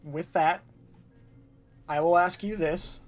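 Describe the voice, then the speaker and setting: A man's voice: on the high side, fairly even intonation, takes it slowly, soft background music. Man narrating a tabletop game as game master. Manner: casual, laid-back narration with swearing.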